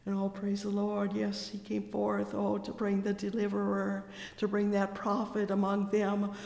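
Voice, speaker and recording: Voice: mid-range voice, completely flat delivery, unhurried, gravelly, a little mellow. A preacher delivering a fervent, exclamatory sermon, breaking in again and again with cries of praise. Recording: echoey hall with long reverb.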